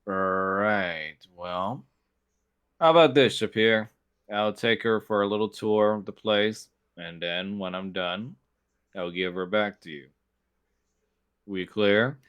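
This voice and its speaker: A man's voice: lowish voice, takes it slowly, fairly bright tone, clear, resonant tone, highs cut off. A man voicing a genial, slyly amused male crime boss in a tabletop game. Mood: commanding.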